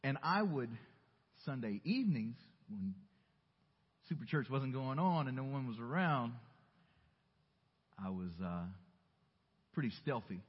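A man from the Southern US preaching a sermon, telling a personal story earnestly and dropping softly into reflective asides. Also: mid-range voice, very animated, a little slow, long pauses, slightly rough. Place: church sanctuary. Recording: muffled recording in a reverberant church hall.

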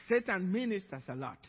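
High-voiced pastor preaching in a reverberant hall. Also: male voice, muffled recording, heavy background noise. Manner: animated storytelling, acting out voices. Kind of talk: sermon.

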